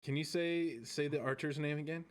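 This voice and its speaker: A man's voice: on the high side, normal speed. A man from the United States co-hosting a podcast, chatting casually and teasing his co-host. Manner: teasing, joking. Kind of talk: casual chat.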